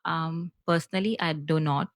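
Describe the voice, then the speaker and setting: A woman with an Indian accent, hosting her podcast solo and talking fast and earnestly to her viewers, with frequent fillers. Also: low voice, fairly even intonation, no echo. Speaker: podcast host.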